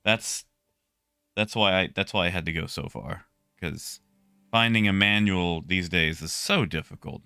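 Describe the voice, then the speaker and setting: A young man casually chatting with his stream viewers, relaxed and talkative, greeting people by name. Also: deep voice, measured pace, creaky, smooth, dry recording. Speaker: livestreamer.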